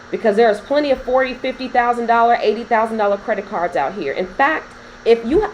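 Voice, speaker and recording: A woman's voice: on the high side, a little hiss or hum, poor audio. A woman coaching on business credit in a casual talk to camera, chatty and laughing often as she addresses viewers directly.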